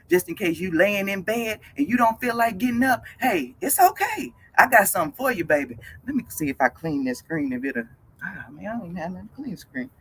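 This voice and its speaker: A woman in her forties hosting a casual fitness live stream, chatty and greeting her viewers by name with frequent laughs. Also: mid-range voice. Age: 40s.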